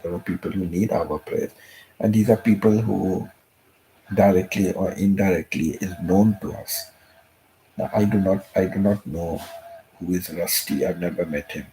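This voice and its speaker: Soft-spoken low gravelly man. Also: steady tone, moderate pace, a little hiss or hum, low-quality recording. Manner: soft-spoken, repeats himself, emotional. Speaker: channel host. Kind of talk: live stream chat.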